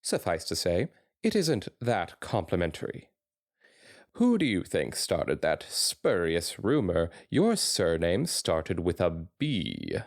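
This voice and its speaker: A blunt, dryly sarcastic rich stallion pony, read by a man in a dramatic fanfiction reading. His voice is very low and unhurried, with lively pitch swings. The sound is dry and close. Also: no room sound, exaggerated voice.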